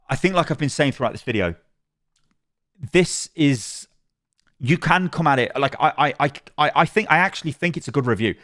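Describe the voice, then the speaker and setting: A man commenting on games, reacting to a review he reads aloud, animated and rambling, with frequent laughs and restarts. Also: medium pitch, no room sound, studio quality. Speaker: gaming commentator.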